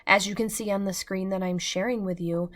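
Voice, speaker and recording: An American woman teacher giving a patient, slow phonics lesson over a shared screen, sounding out words letter by letter. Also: mid-range voice, steady tone, fairly bright tone.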